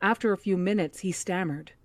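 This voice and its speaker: A woman's voice: medium pitch, fairly quick, dry recording. A woman hosting a book club podcast, reading a novel aloud steadily and correcting her own slips. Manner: reads steadily, with slips she corrects herself.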